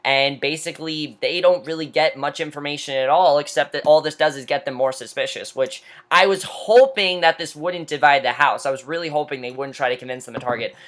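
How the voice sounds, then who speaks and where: A woman's voice: sits low, fairly quick, few pauses. A woman giving an opinionated, casual recap of a reality show, talking freely with lots of fillers and restarts.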